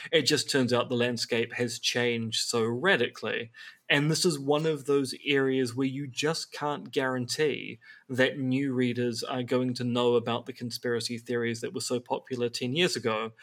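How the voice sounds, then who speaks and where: Guy cohosting a podcast, mid pitch, wry and animated, jumps into quick asides. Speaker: podcast co-host. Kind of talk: casual chat. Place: apartment.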